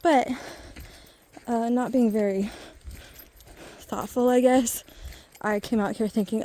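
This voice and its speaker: A woman's voice: a little high, fairly even intonation, slow, pauses often, mellow, no room sound. A woman chatting casually while out of breath on a mountain trail, rambling and self-deprecating into a handheld camera. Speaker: vlogger. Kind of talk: casual vlog chat while hiking.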